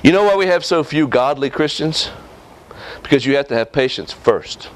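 A man's voice: medium pitch, lively intonation, moderate pace, slight background noise. A male preacher, preaching a sermon in a folksy, scolding way and often asking the congregation questions.

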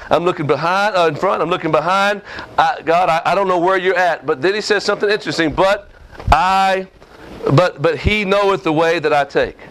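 A man's voice: on the high side, fairly bright tone, slight background noise. A man preaching a sermon in an emphatic, repetitive cadence, reading scripture aloud to his congregation. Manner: preaching with a rising, emphatic cadence and repeated phrases. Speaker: pastor.

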